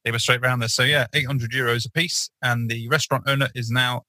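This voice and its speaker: A man's voice: mid-range voice, fairly even intonation, brisk, pushed and bright, no room sound, poor audio. A man co-hosting a podcast, telling a rambling story in casual chat with many fillers and restarts. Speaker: podcast co-host.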